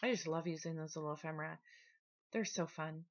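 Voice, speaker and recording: A woman talking casually through her scrapbooking process in a relaxed, chatty voice-over. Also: low voice, a little fast, muffled recording. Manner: chatty, relaxed, with small restarts. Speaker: scrapbooking vlogger.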